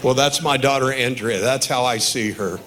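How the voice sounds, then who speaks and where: A man's voice: medium pitch, normal speed, fairly bright tone, a faint crowd. A man in his sixties, father of the bride, giving a wedding toast full of stories and chuckling at his own anecdotes. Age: 60s. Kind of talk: wedding reception speech.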